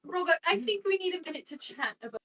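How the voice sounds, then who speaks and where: A woman's voice: very high voice, lively intonation, fast talker, fairly bright tone, recorded from a distance, poor audio. A woman player in a tabletop role-play, speaking politely and genteelly in character, often calling others darling.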